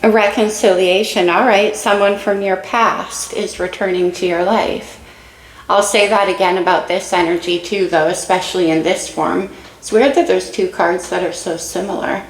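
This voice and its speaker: A woman's voice: lowish voice, creaky, echoey room, low-quality recording. A woman giving a casual spoken tarot reading, musing and speaking straight to her viewers while a little out of breath. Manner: dreamy, musing, talks to viewers directly. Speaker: tarot reader.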